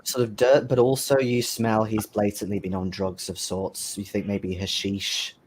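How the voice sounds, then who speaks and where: A man's voice: fairly low pitch, level tone, moderate pace, background noise. A man narrating as game master of a tabletop horror game, hesitant and full of ums.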